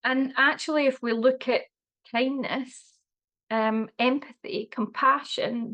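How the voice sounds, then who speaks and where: A woman's voice: on the high side, steady tone, measured pace, a bit bright, dull audio. A woman, talking in a casual conversation in an earnest way with many fillers and restarts. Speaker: wellbeing guest.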